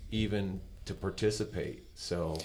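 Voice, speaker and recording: With a deep, darkish voice and fairly even intonation, a middle-aged podcast host rambles through stories at a measured pace. The talk is casual conversation.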